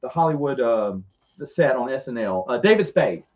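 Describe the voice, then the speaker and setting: A middle-aged man telling rambling, animated stories as a podcast co-host in casual chat. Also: mid-range voice, moderate pace. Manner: rambling, animated, frequent restarts. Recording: dull lo-fi sound.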